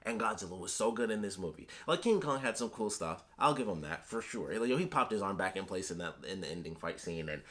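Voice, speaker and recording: A man's voice: low voice, expressive, fast talker, hardly any pauses, fairly bright tone. A man giving a casual, chatty movie review, talking animatedly with lots of filler words.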